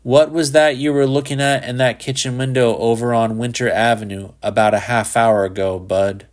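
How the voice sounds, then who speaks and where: A man's voice: mid-range voice, steady tone, moderate pace, close to an everyday voice. A man voicing a heavyset middle-aged policeman who questions bluntly and suspiciously in a storybook reading.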